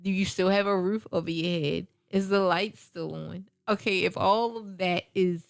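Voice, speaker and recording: A woman's voice: lowish voice, fairly even intonation, moderate pace, gravelly, no echo, studio quality. A woman hosting a radio talk show, chatting casually and emphatically, repeating herself and acting out quotes.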